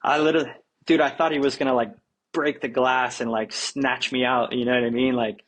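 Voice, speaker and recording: A man's voice: mid-range voice, fairly even intonation, brisk, fairly bright tone. A young man, a guest, telling a story in a laid-back way, saying dude and like constantly. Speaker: guest skateboarder. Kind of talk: casual storytelling.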